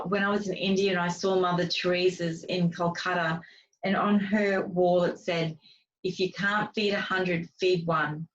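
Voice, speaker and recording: A woman speaker and author telling stories in a casual, chatty way, with many fillers and restarts. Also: lowish voice. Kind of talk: casual interview storytelling. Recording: distant, dull lo-fi sound.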